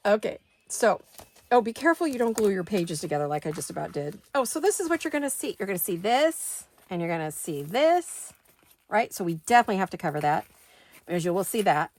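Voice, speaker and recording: A woman's voice: mid-range voice, sing-song, a little fast. A woman in her sixties hosting a craft video from her home studio, chatting in a rambling, think-aloud way. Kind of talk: casual chat while crafting.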